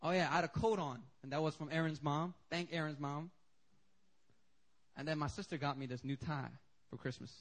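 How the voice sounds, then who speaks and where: A male pastor preaching a sermon, telling stories in an animated, joking way. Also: on the high side, brisk. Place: church service.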